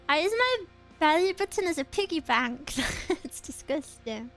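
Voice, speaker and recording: High-voiced chatty young woman streamer. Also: big pitch swings, unhurried, fairly bright tone, faint music behind. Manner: chatty, rambling, giggly. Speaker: VTuber streamer. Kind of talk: casual chat stream.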